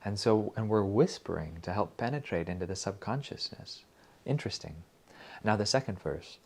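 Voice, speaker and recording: A man gently teaching about devotional verses, reciting lines slowly and dropping his voice to whispers. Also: on the low side, animated. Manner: slow, gentle, drops to whispers on repeated words. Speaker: spiritual music teacher.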